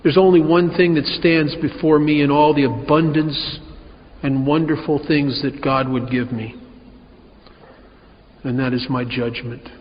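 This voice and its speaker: A man speaking at a recovery meeting, telling his own story with wry, animated delivery in a hall. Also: fairly high pitch, a little slow, a little hiss or hum. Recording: muffled, reverberant hall recording.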